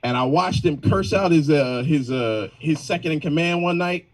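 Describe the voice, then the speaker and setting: On a video call, a band member shares wild stories from work in casual slang, and the recording quality is low. His voice is fairly high and moderately paced, and he's animated, mimicking the people he describes in exaggerated voices.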